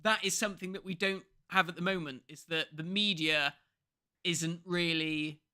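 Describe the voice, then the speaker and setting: Speaking at a normal speed in a fairly high voice, this podcast co-host, an Englishman in his thirties, shares stories during a casual chat. He's lively throughout, acting out the people whose words he repeats.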